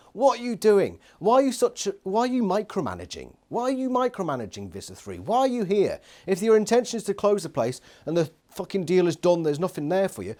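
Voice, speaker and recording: A man's voice: sits high, wildly swooping pitch, fairly quick, hardly any pauses, darkish tone. A man giving an exasperated, sweary, sarcastic book review rant. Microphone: phone nearby.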